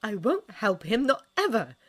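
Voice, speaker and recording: A woman's voice: on the high side, big pitch swings, normal speed, pitched above the performer's own voice. A woman reading a fanfiction story, voicing a fierce, defiant young woman who snaps back emphatically. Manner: sharp, snapping, emphatic.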